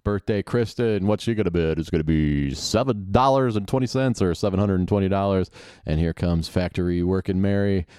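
A man hosting a podcast, giving sarcastic, mocking play-by-play of a TV game show with quick asides. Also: low-pitched, warm tone, clean tone, no room sound, clean studio sound. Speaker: podcast host.

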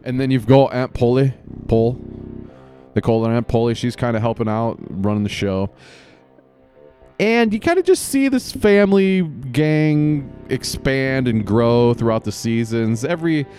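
A man's voice: mid-range voice, animated, a little slow, dark tone, faint music behind. A man hosting a casual solo podcast, rambling, often restarting his sentences and swearing casually. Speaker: podcast host.

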